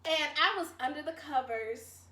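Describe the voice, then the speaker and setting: Woman, 30s, podcast co-host; high voice, lively storytelling, roomy off-mic sound. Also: moderate pace, recorded from a distance. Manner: animated storyteller, acts out quotes. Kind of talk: casual chat.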